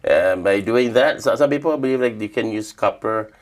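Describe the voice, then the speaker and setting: An older man from Guam, telling stories of his past in a relaxed, reflective interview. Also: on the low side, moderate pace. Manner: relaxed, reflective storytelling with quoted dialogue. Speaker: interviewee, traditional healer. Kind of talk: casual storytelling interview.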